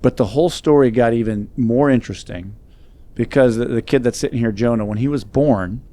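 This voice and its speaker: A man's voice: mid-range voice, a little fast, warm tone. A man speaking as a guest, telling a personal story in an earnest, reflective way. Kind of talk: storytelling in conversation.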